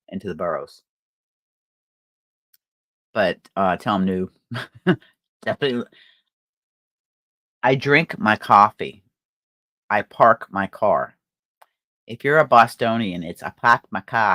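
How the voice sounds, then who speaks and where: A woman's voice: a bass voice, a bit bright, dry recording. An older woman hosting a crafting livestream, chatting casually and rambling with fillers and laughter. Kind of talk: casual chat.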